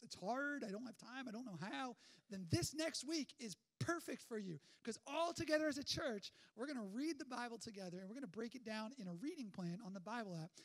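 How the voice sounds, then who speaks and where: A man with a very high voice preaches to his church. He talks in a conversational, energetic way, firing off rhetorical questions and often restarting his sentences. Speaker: pastor. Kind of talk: sermon.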